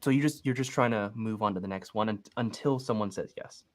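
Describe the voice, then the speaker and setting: A man's voice: lowish voice, brisk. Easygoing man coaching over a call. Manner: relaxed, explains step by step and acts out sample phone calls. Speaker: real estate investing coach. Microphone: video call.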